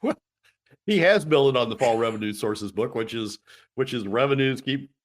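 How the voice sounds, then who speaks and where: A man's voice: medium pitch, animated, moderate pace. A man speaking as a regular guest commentator on a radio talk show, emphatic and exasperated, often restarting his sentences.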